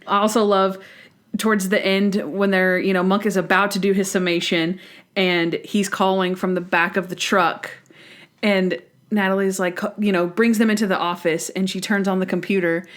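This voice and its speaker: A woman's voice: medium pitch, level tone, normal speed. A woman co-hosting a podcast in casual chat, talking eagerly and acting out quoted lines. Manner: chatty, enthusiastic, acts out quotes. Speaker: podcast co-host.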